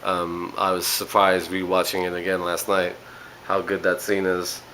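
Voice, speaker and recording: A man's voice: low-pitched, completely flat delivery, normal speed, bright, forceful tone, slight background noise, rough recording. A man giving a casual spoken movie review, rambling along with frequent ums and uhs.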